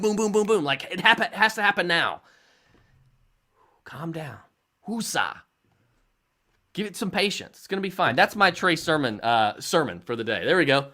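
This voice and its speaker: A man's voice: fairly high pitch, sharp tone. A young man hosting a live fantasy football stream, rambling through start-or-sit picks for viewers and often repeating himself.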